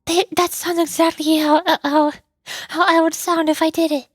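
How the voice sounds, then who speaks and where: A woman's voice: very high voice, flat delivery, normal speed, no echo. A young woman streamer chatting casually in a rambling, self-deprecating way. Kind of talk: casual chat between voice acting.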